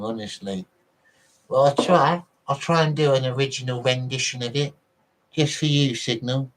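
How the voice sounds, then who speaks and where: A man hosting a casual livestream, reading viewer messages aloud between blunt, sweary rants. His voice sits at an everyday middle pitch, and he talks in a loose, off-the-cuff way. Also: a bit bright, low-quality recording. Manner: profane, blunt ranting. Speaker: livestream host.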